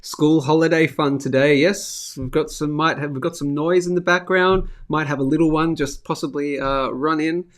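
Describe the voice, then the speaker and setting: A man's voice: a little high, fairly even intonation, moderate pace, few pauses. A middle-aged man with an Australian accent, hosting a live finance show in a chatty, upbeat way and reading viewer comments aloud. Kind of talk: casual live-stream chat.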